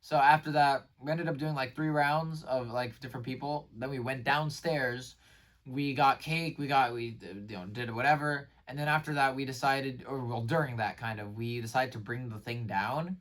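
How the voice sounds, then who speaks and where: A man recapping his day in a casual vlog, rambling and excitable, with lots of fillers and restarted sentences. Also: medium pitch, moderate pace, far from the mic. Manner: rambling, filler-heavy, says "like" and "bro" constantly. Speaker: vlogger.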